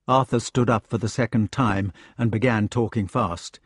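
In a measured, even storytelling style, a man narrates an audiobook from a script. His voice is husky and fairly low, captured in a dry recording with clean studio sound.

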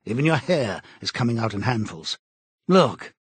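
Guy doing a creepy calm interrogator, husky, talks slow and cold, audiobook. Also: medium pitch, dry recording. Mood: taunting. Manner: cold, measured, contemptuous. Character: cold menacing male interrogator, middle-aged. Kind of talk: audiobook character reading.

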